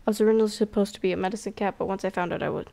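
A woman voicing a gentle old female elder cat in a storybook game, speaking softly and slowly. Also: medium pitch, vocal fry, natural voice. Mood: kindly. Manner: soft-spoken, slow storyteller.

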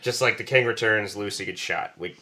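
A man's voice: on the low side, fairly quick, pushed and bright. A man co-hosting a casual podcast, cutting in with crude, joking remarks. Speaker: podcast co-host.

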